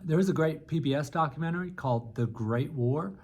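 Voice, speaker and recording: A man lecturing on history in a relaxed, unscripted way. He talks as if chatting with his students and often pauses on "uh" and "um" or restarts a thought partway through. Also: on the high side. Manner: conversational, many fillers and restarts. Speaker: history teacher.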